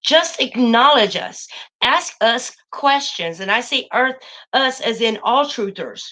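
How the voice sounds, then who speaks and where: A woman's voice: on the high side, lively intonation, slow, pushed and bright. A woman hosting a casual livestream, talking emphatically and a bit preachily to her viewers, calling them y'all. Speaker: channel host.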